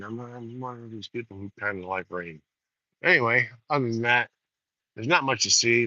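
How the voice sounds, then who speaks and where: A man's voice: medium pitch, bright, forceful tone, dry recording. A man hosting a rambling walk-and-talk livestream outdoors by rice fields, chatty and digressive, on a dull lo-fi recording. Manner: digressive, chatty, folksy asides. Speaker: host.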